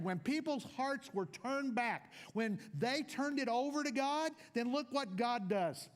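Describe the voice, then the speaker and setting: An older man, the pastor of his church, preaching a sermon and swinging between loud declarations and low asides.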